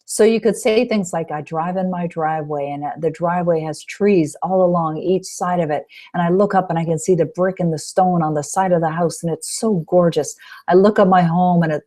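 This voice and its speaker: An upbeat woman coach teaches on an online call with a somewhat low voice. She stresses her points and keeps asking her listeners rhetorical questions. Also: fairly quick, mellow. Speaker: self-help coach.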